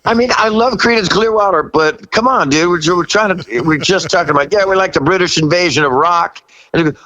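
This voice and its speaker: A man in his sixties, a rock singer as a guest, telling a story in a casual interview, laughing often and jumping high when he quotes himself. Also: lively intonation, normal speed, sharp tone, poor audio.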